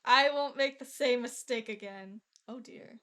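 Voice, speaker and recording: A woman co-streamer making quiet, offhand remarks while drawing. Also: a little high, unhurried. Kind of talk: casual chat on an art stream.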